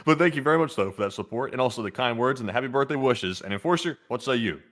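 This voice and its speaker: A man's voice: medium pitch, expressive, fast talker, a bit bright. A man in his twenties co-hosting a live stream, reading out donor names and messages in a friendly way and sometimes stumbling over words. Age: 20s. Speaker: co-host reading donations.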